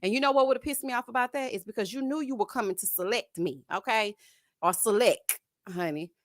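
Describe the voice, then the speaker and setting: A woman hosting a live stream, giving sassy, animated commentary and calling her viewers "honey" and "child". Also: on the high side, fairly quick, no room sound, clean studio sound. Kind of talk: casual reality-show commentary.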